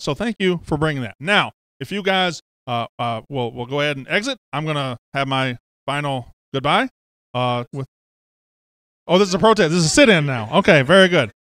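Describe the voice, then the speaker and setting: Teasing man host with a smooth voice. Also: a little high, animated, normal speed, a bit bright, no room sound. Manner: joking, teasing, rambling. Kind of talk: casual show chat. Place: studio office.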